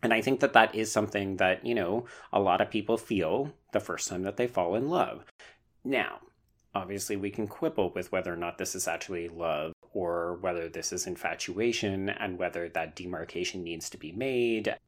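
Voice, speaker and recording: A man's voice: deep voice, moderate pace. A man hosting a podcast, giving opinionated, wry commentary in a casual discussion. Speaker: podcast host.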